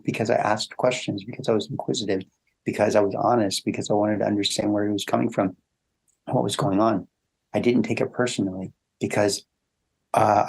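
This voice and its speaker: A man's voice: gravelly, slightly rough. A man speaking as a relationship coach in an interview, telling stories animatedly and acting out quoted thoughts. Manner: animated storyteller, acts out quoted thoughts in a higher voice. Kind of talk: conversational interview.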